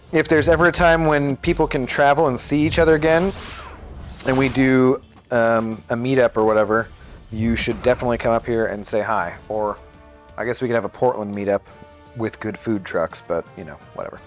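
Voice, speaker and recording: A man's voice: medium pitch, steady tone, a little fast, faint music behind. A man in his thirties, a live streamer chatting casually and rambling as he answers viewer messages.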